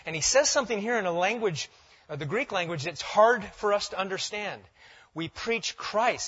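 Male pastor preaching, husky kinda highish voice, repeats stuff for emphasis, dull lo-fi recording. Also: expressive, moderate pace. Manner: emphatic, repeats key phrases, drops to quiet intensity when quoting. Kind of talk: sermon.

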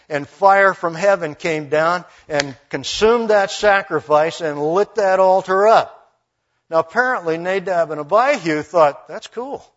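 A man preaching a sermon, acting out Bible figures in voiced quotes and dropping folksy asides. His voice sits a little high. The recording sounds dull and lo-fi. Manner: animated storytelling with voiced quotes.

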